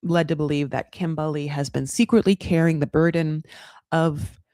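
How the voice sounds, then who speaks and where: A woman hosting a casual reality TV recap, talking in sassy, animated bursts and swearing freely. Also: low-pitched, normal speed, no room sound, studio quality.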